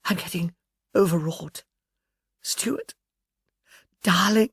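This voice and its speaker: A man voicing a theatrical, tearful woman who gushes and pleads in a high, breathy voice and turns spiteful. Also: slow, a bit bright, no echo, full character voice. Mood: hysterical whisper.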